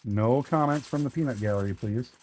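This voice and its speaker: A man's voice: mid-range voice, brisk, a little mellow. A man casually chatting with his viewers during a live stream, joking and thinking aloud while he builds.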